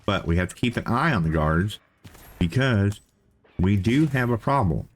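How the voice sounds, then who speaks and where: Guy with a real low voice narrating his game, playful, talks to himself a lot. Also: lively intonation, normal speed. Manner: chatty, repeats himself while thinking aloud; playful self-talk. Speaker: let's play host. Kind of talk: casual gameplay commentary.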